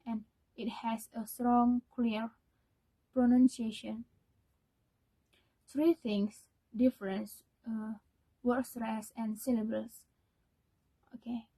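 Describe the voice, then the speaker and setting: Young woman doing a class presentation in english, slow and halting, dark husky voice. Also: on the high side, low-quality recording. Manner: halting, many fillers and restarts. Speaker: student.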